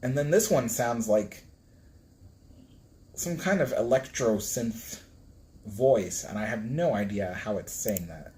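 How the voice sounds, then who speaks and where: A man's voice: fairly low pitch, lively intonation, takes it slowly, pauses often, darkish tone. A man hosting a casual live stream, flustered as he stumbles over hard pronunciations and laughs at himself. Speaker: livestream host reading a book.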